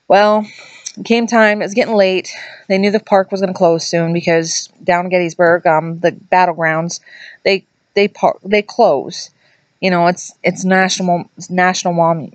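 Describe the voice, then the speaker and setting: A woman's voice: on the low side, no room sound, lo-fi sound. A woman vlogger casually telling a ghost story, chatty and rambling, often correcting herself mid-sentence.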